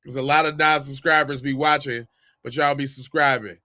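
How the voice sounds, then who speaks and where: Brief: male host, bright forceful voice, dry close sound, teasing slangy commentary. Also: medium pitch, steady tone, normal speed, no room sound. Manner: slangy, mocking, jokey banter. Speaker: podcast host. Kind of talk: reaction commentary on viewer clips.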